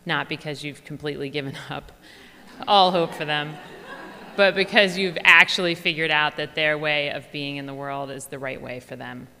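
A woman's voice: low voice, pushed and bright, big-room sound, a little hiss or hum. A woman with a Philadelphia accent giving an effusive, chatty, humorous talk to an audience as an author. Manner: effusive, chatty, laughs often. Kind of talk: lively humorous stage talk. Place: large hall before an audience.

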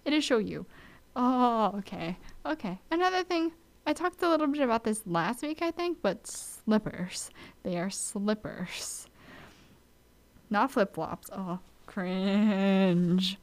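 A young woman from Oahu with a Hawaiian accent, chatting casually to camera in an animated, mock-exasperated way. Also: fairly high pitch, moderate pace. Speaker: vlogger. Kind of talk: casual chat.

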